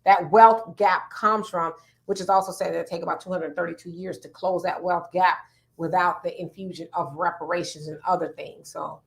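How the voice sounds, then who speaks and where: A woman's voice: lowish voice, steady tone, moderate pace, vocal fry. A woman from California with a Californian accent, hosting a casual livestream chat, reading viewer comments aloud and answering them. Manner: self-described loud talker. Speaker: host.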